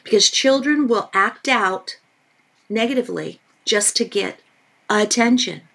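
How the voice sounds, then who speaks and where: A woman author who is a guest on a parenting podcast, telling lively stories and repeating points for emphasis. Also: on the high side, unhurried, vocal fry. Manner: animated storytelling with emphatic repetition. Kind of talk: podcast interview.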